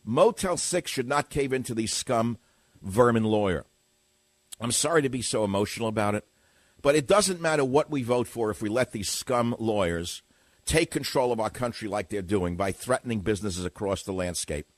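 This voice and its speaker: A man's voice: mid-range voice, animated, moderate pace, no room sound. An older American man hosting a talk radio show, delivering a combative monologue full of rhetorical questions and emphatic repetition.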